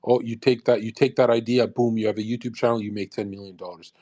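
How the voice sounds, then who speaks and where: A man's voice: on the low side, fairly even intonation, mellow. Profane, sarcastic young man ranting. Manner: profane, sarcastic, fast bursts, laughs at own jokes. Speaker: streamer hosting a live audio room. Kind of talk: unscripted rant on a live audio stream.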